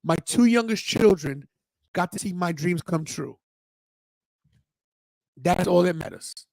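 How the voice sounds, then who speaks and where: With a high voice, a slow pace, and some vocal fry, a middle-aged podcast host recounts a personal story in a dry recording. It's a monologue full of feeling, where he brings the characters to life by quoting them in their own voices.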